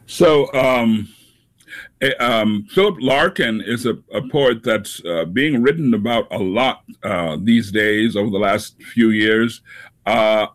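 A man hosting a casual poetry talk, pausing often with many fillers. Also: on the low side. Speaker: radio poetry show host. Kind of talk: casual chat.

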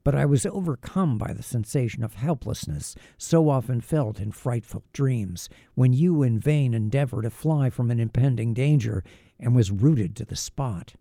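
A man narrating a novel in first person, with a measured, grave, literary reading. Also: medium pitch, vocal fry, warm tone, no room sound, studio quality. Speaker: audiobook narrator.

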